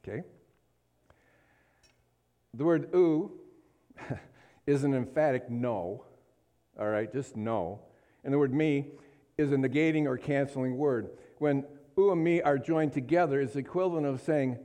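A man with a mellow, mid-range voice preaches a sermon with emphatic fervor. He often asks the congregation for an amen and climbs to impassioned peaks.

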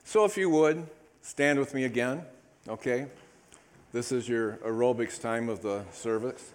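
A man preaching as pastor, leading the congregation in loud recitation. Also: medium pitch, measured pace. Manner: leads congregation in loud call-and-response recitation. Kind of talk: sermon. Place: church sanctuary. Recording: echoey church hall.

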